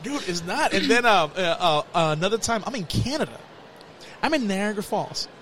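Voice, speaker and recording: Heavy background noise surrounds a podcast host whose voice sits high, moving at a moderate pace. In casual chat he's an animated storyteller who laughs a lot.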